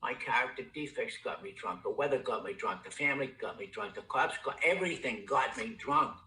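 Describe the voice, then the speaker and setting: An older man tells his story at a recovery meeting in a bright, forceful voice, cursing freely and stumbling over repeated words. The sound carries the echo of a room. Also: medium pitch, lively intonation, brisk. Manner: blunt, heavy swearing, repeats and stammers. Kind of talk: personal testimony talk.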